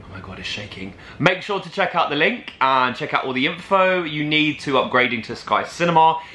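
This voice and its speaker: A young man talks to camera in an excitable, chatty vlog voice full of "like" and "oh my God". His tone is bright and clear. A faint hiss and low ambience sit behind him. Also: a little fast, reverberant. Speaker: travel vlogger. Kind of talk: casual vlog chat to camera.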